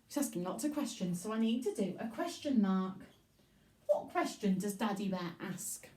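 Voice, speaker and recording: A woman teaching young children a recorded literacy lesson in a slow, encouraging way. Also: mid-range voice, lively intonation, mellow. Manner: slow, encouraging and sing-song. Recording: echoey room, voice from far off.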